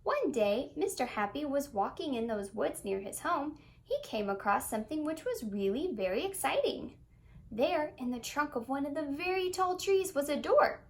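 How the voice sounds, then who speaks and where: Reading a kids' story aloud, a woman uses a high voice full of swooping, singsong expression. She savors each word and plays up the repetitions, staying expressive at a moderate pace.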